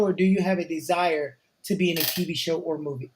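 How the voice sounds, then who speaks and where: A man's voice: a little high, steady tone, a little fast, a little hiss or hum. A man hosting an interview show, asking questions in a loose, conversational way and reading out questions from listeners. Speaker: show host. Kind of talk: casual interview.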